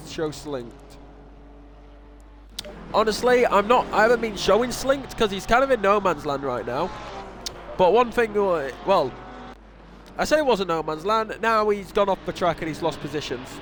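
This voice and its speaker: A young man with a high voice commentates a sim race live, loose and casual, with a faint hum in the background. He restarts sentences, exclaims, and pokes fun at himself.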